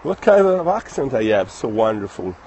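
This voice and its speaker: A man with an Italian accent, chatting casually in a live stream while walking outdoors through city streets. He reads viewer comments aloud and speaks in a friendly, halting way. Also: medium pitch, sing-song, a little mellow, dull audio, a little hiss or hum. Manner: friendly, chatty, halting non-native phrasing.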